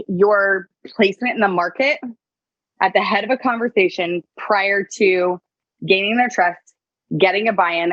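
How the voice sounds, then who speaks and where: A blunt woman lays down sales rules with emphatic, profane force. Her mid-pitched voice comes through dry and close, with a slightly dull, muffled tone. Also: dry recording. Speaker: sales coach. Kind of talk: casual coaching chat.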